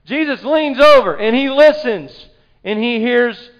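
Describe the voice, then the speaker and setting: A man preaching a sermon, telling the story with animated delivery and acting out the quoted voices. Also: sits high, a little slow, muffled recording. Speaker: pastor.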